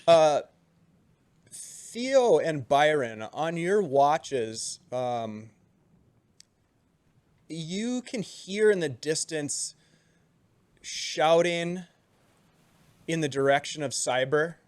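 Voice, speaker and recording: A man narrating as game master in a relaxed, loose way. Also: fairly high pitch, drawn-out words, pauses often, smooth, no room sound. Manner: relaxed, loose, lots of ums and restarts, chuckles.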